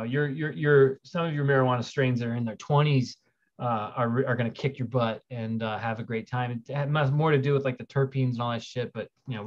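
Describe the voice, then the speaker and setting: Rambling man hosting a casual stream. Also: mid-range voice. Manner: rambling, reads viewer questions aloud, frequent fillers. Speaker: livestream host. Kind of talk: casual livestream chat. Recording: dull lo-fi stream audio.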